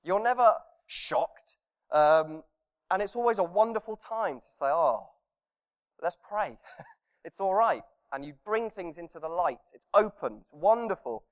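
Man, preacher, relaxed storytelling sermon, slightly higher voice. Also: moderate pace. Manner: anecdotal, chuckling, conversational.

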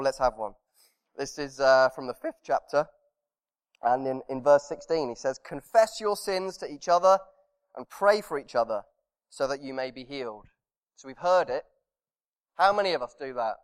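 A man delivers a sermon in an easy, anecdotal way, often breaking into a light laugh. His voice sits a little higher than most men's. He talks to the congregation as if chatting with friends. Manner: anecdotal, chuckling, conversational. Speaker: preacher.

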